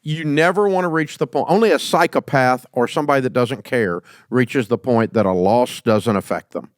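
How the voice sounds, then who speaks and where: A man's voice: medium pitch, moderate pace, clear, resonant tone, no room sound. A middle-aged man hosting a call-in business advice show, blunt and folksy with jokes. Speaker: podcast host. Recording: dry studio sound.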